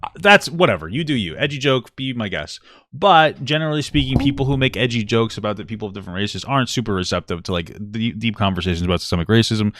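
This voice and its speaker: A young man with a fairly low voice and lively intonation reacts to a video on a live stream, talking at a quick pace over a noisy background. He's blunt and irritated at times, swearing and saying "like" a lot.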